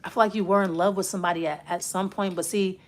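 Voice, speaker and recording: A woman's voice: lowish voice, steady tone, fast talker. A woman giving a casual spoken tarot reading, blunt and profane, rambling and restarting as she talks straight to the listener. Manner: rambling, with many restarts while reading cards. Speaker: tarot reader.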